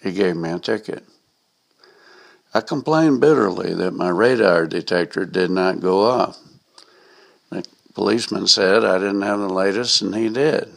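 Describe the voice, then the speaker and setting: A man with a gravelly voice reading a personal anecdote aloud, in a wry, self-mocking way. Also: deep voice, measured pace, pauses often. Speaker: storyteller.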